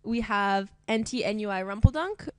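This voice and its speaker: A woman's voice: mid-range voice, lively intonation, normal speed, no echo. A young woman presenting a sports group draw in a casual, chatty way, laughing often between team names. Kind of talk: casual live announcing.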